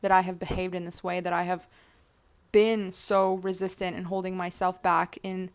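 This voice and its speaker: A woman's voice: on the low side, little pitch movement, moderate pace, clean tone. A young adult woman in a casual, reflective vlog monologue, earnest and emphatic, who swears freely and becomes tearful. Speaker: vlogger.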